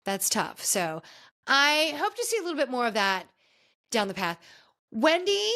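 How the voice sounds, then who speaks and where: A woman's voice: fairly high pitch, big pitch swings, a little slow, sharp tone. A woman hosting a podcast, chatting casually and gossipily through a reality show recap with many restarts. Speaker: podcast host.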